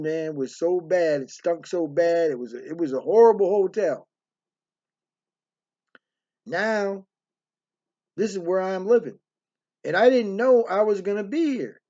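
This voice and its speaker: A middle-aged man with a fairly high, mellow voice spins a rambling, streetwise story in a hotel room, casually monologuing. "Man" and "right" keep popping up in his speech, and the recording is dull and lo-fi.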